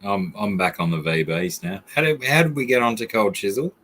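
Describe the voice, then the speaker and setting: A man's voice: lowish voice, big pitch swings, a little fast, fairly bright tone, slight background noise. A man chatting casually and joking about himself between songs, with guitar music behind him. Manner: joking, self-deprecating, rambling. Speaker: guest singer.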